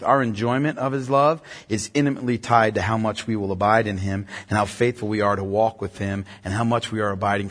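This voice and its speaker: A man preaching a sermon, telling a story with acted-out lines and building to impassioned exhortation. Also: on the low side. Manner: storytelling, rising to impassioned near-shouting. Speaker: pastor. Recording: reverberant hall.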